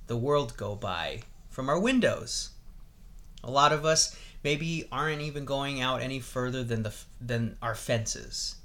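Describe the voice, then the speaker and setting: A man opens the show as host, stacking up his points in a steady, repetitive rhythm. His pitch sits in the ordinary middle for a man, with a casual, even delivery. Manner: steady, building lists by repetition.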